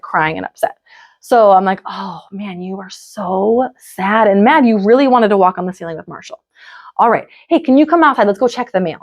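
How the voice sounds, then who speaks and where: A woman in her thirties leads a live parenting workshop in a relaxed, conversational way. She talks in a mid-range voice, loose and chatty, and keeps checking in with the room. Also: mid-range voice. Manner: casual, chatty, many "like" and "right?" fillers. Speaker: parenting coach.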